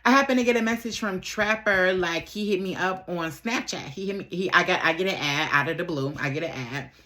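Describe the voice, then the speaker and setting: A woman's voice: fairly low pitch, a little fast, fairly bright tone. A woman from Buffalo, New York telling a rambling, slangy story in a casual get-ready-with-me vlog, often repeating herself. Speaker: vlogger.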